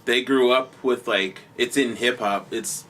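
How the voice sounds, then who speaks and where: Rambling man, bright and a bit distant. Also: medium pitch, fairly even intonation, measured pace, slight background noise. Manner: rambling, full of "like" and "um", casual swearing. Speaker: podcast co-host. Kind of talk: casual chat.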